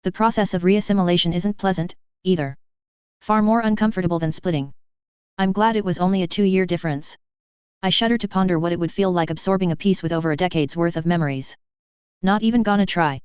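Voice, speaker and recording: A woman voicing a dry, reserved young male wizard who speaks in a flat, measured way, on a dull lo-fi recording. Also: lowish voice, smooth, no room sound, close to an everyday voice.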